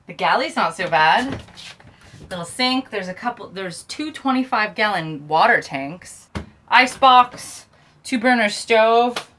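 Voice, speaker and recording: A woman hosting a vlog, giving an excited, giggly tour of a small sailboat she is aboard. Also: mid-range voice, takes it slowly, slight background noise. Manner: excited, giggly, with frequent laughs. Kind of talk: casual tour walkthrough.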